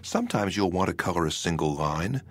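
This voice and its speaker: Male narrator, deep husky voice, lively intonation, scripted lesson. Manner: measured, explanatory.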